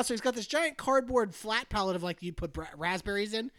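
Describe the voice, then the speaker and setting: A podcast host spins a rambling story in loose, casual chat, often restarting and laughing partway through. The voice is bright and sharp-edged. Its pitch swings widely and animatedly as the tale goes on. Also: expressive, fairly quick, few pauses.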